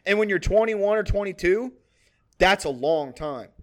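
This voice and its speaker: Rambling, profane young man with a high voice. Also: expressive, moderate pace. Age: 20s. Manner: rambling, profane, many fillers. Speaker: podcast co-host. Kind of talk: casual podcast banter.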